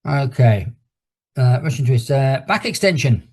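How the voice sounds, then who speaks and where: A middle-aged man with a husky, slightly breathy voice runs a fitness class over a video call. He chats in a rambling way and stops now and then for countdowns. His pitch sits in an ordinary middle range for a man. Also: expressive, measured pace, a little mellow. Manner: chatty and rambling, breaks off to count down exercises. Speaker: fitness instructor. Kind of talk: leading an online exercise class while telling a story.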